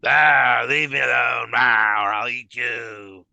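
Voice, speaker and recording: A man's voice: medium pitch, slow pace, gravelly, sharp tone, dry recording, dull audio, full character voice. A man voicing a grumpy male creature, a former arch astronomer, who snarls and growls in a cartoonish way.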